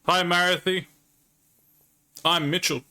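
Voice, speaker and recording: A man's voice: high-pitched, fairly even intonation, takes it slowly, sharp tone. A man streaming a card game live, chatting casually with viewers and swearing now and then. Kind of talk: live-stream gaming commentary.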